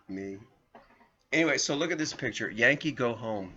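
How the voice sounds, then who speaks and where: A man's voice: mid-range voice, lively intonation, normal speed, sharp tone. A man, reading an article aloud and drifting into rambling personal stories, chuckling often. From Southern United States. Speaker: video host. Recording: dull lo-fi recording.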